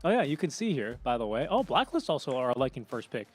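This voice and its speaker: A man's voice: mid-range voice, big pitch swings, fast talker, slightly rough, soft background music. A man hosting an esports broadcast desk, upbeat and chatty, steering the talk with questions.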